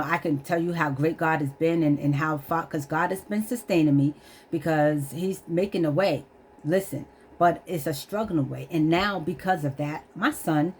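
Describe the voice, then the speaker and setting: Low-voiced woman sharing her struggles, near tears. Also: darkish tone, slight background noise. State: holding back tears. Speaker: vlogger. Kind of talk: candid personal testimony to camera.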